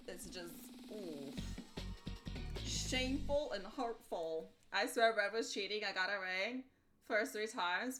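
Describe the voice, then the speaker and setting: A young woman streaming a game, swearing, shrieking and laughing as she plays, chatting to viewers. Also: medium pitch. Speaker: livestreamer. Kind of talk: live gameplay commentary. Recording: game music behind the voice.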